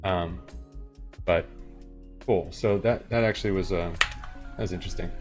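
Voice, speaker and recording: A man's voice: lowish voice, normal speed, pauses often, soft background music. A man streaming live coding, thinking aloud in a rambling, self-amused way. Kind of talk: casual coding chat.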